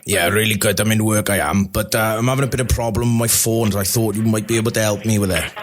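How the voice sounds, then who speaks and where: A man's voice: on the low side, fairly even intonation, quick pace, noisy background, lightly acted. A man putting on a broad Welsh accent to play a dopey, chatty adult bloke in a prank phone call, rambling and friendly, calling everyone bud. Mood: chummy. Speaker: prank caller. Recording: dull lo-fi phone call recording.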